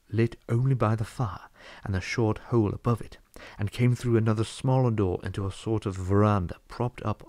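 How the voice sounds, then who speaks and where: A man reading a classic fantasy novel aloud as an audiobook narrator, telling the story in a steady, read-aloud way. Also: fairly low pitch, dry recording. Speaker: audiobook reader. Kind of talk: scripted narration.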